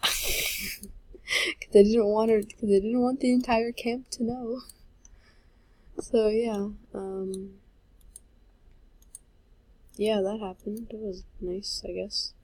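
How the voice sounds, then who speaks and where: A woman with a mid-range, darkish voice talks slowly and flatly, pausing often, on a rough recording. She's a gaming vlogger rambling through casual commentary into a handheld mic while she types and plays, trailing off and poking fun at herself.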